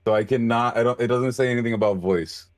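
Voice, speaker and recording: A man's voice: medium pitch, no echo, clean studio sound. A man playing in a tabletop role-playing game, talking through his turns and rolls. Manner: halting, stammering in character. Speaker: player.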